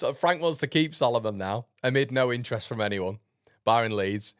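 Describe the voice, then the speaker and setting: Male football streamer, low voice, dry close sound, blunt and sarcastic. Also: normal speed, smooth, dry recording. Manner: blunt, sarcastic, laughs often. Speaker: football fan channel host. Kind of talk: casual livestream chat reading comments.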